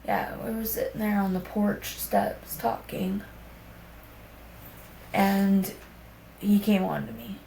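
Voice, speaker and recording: A woman's voice: medium pitch, little pitch movement, slow pace, creaky, long pauses, mellow. A young woman speaking candidly and rawly, telling a personal story in conversation and swearing casually. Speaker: podcast guest. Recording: echoey room with faint background hum.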